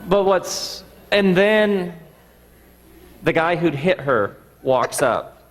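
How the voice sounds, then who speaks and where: A man giving a reflective storytelling talk, earnest and halting, restarting his sentences often. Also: high voice, expressive, long reverb tail, a little hiss or hum, poor audio. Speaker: speaker.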